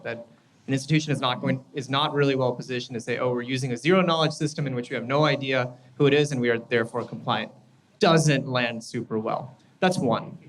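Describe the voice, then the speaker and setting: A man's voice: medium pitch, slight background noise, poor audio. A man from the United States speaking as a panelist, explaining in a conversational way and often checking in with "right?". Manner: conversational, explanatory, tag questions. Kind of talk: panel discussion.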